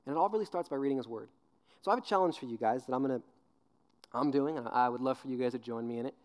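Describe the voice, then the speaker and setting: A man in his twenties preaching a sermon, telling an animated story with acted-out voices, then dropping low and earnest on serious points. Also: rapid-fire. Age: 20s. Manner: animated storyteller, acts out voices with big pitch jumps. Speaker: youth pastor.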